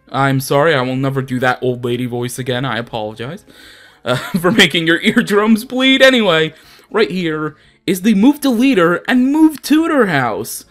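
A man's voice: a little high, lively intonation, moderate pace, a bit bright, soft background music. Chatty young man narrating gameplay. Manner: chatty, rambling, self-deprecating. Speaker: gaming channel host. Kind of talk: casual let's play commentary.

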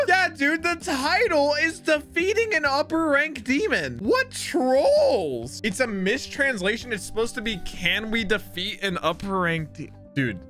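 Excitable high-voiced young man reacting. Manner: excitable, bursts into loud exclamations; slangy, loose chatter with fillers. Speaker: anime reaction host. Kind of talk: casual reaction commentary. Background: anime soundtrack music playing.

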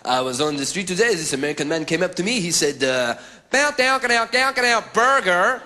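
Male comic voicing a mocking Frenchman, high, sing-song and loud. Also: slow, heavy background noise. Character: French man retelling an English babble.

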